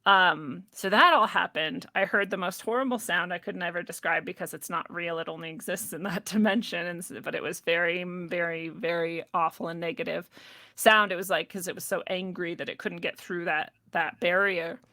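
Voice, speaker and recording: A woman guest telling a personal story in casual talk, animated, laughing often and acting out what others said. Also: fairly low pitch, normal speed, dry recording. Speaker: podcast guest.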